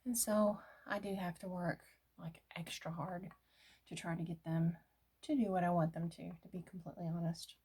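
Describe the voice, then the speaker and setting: A middle-aged woman talking casually through her makeup routine, often dropping to a soft whisper. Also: lowish voice, steady tone, moderate pace, husky. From United States. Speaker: beauty vlogger. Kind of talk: casual get-ready-with-me makeup talk.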